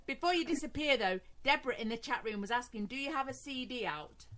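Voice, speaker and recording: A woman's voice: sits high, animated, fast talker, a bit bright. A woman co-hosting a radio show, chatting in a giggly, teasing way. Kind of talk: casual radio chat.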